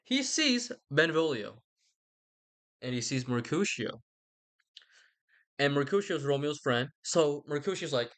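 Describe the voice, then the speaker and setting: A man's voice: mid-range voice, expressive, unhurried, a bit bright. A man rambles through a comic retelling, swearing freely and breaking off for asides. His voice swings widely and animatedly. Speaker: vlogger.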